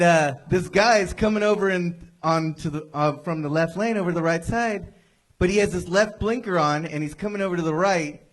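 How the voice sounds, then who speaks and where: A man performing a stand-up set on a comedy club stage, then chatting casually, acting out other people in loud bursts. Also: fairly high pitch. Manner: animated storytelling with loud voiced impressions. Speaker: guest comedian.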